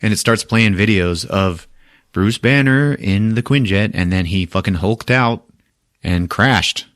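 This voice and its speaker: A man's voice: lowish voice, unhurried, a bit bright, no echo, clean studio sound. A man hosting a podcast, recapping a movie in a casual, profane way with frequent laughter. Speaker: podcast host.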